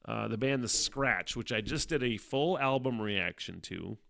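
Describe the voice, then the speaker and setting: A man's voice: mid-range voice, expressive, a little slow, vocal fry, fairly bright tone, dry recording. A man hosting his own podcast, chatting casually and profanely, laughing often as he tells a story. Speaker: podcast host. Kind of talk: casual solo chat.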